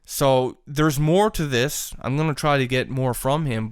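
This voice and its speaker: A man's voice: medium pitch, no room sound, studio quality. A man casually retelling a friend's strange encounter, with frequent fillers. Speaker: storyteller. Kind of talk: retelling a secondhand story.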